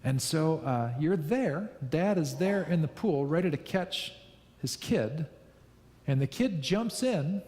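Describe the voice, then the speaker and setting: A man preaching a sermon, telling a story in a lively way and repeating key lines for emphasis. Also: a little high, takes it slowly, in a large hall. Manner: storytelling, animated, with repetitions for emphasis. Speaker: pastor.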